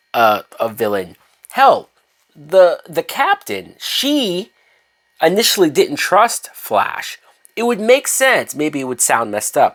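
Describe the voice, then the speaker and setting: A man's voice: mid-range voice, fairly bright tone. A man reviewing a TV episode in a rant, exasperated and profane, firing off rhetorical questions. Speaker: TV show reviewer.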